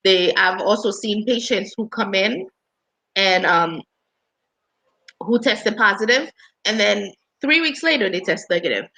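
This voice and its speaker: A woman's voice: mid-range voice, pushed and bright, rough recording. A woman who works in healthcare, talking casually on a panel, slightly congested, with frequent restarts. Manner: conversational, with frequent restarts and fillers.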